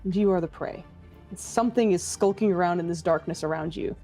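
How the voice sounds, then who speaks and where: A woman narrating a homebrew fantasy game as dungeon master, playful and quick to laugh. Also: fairly low pitch, mellow, soft background music.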